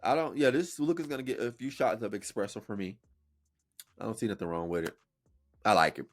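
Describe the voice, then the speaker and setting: A man's voice: on the low side, fairly quick. A man hosting a podcast, talking in a sassy, playful way as casual reaction commentary. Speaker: podcast host.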